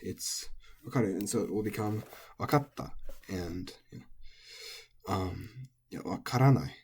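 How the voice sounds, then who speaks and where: A man's voice: fairly low pitch, moderate pace, creaky, slight background noise. A man, an English speaker, giving a casual recorded language lesson, thinking aloud with frequent ums and self-corrections. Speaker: language teacher.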